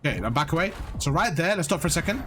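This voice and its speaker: A young man giving blunt, animated coaching on gameplay, swearing freely as he explains. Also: fairly high pitch, very fast, a little hiss or hum. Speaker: gaming coach. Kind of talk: casual coaching over gameplay.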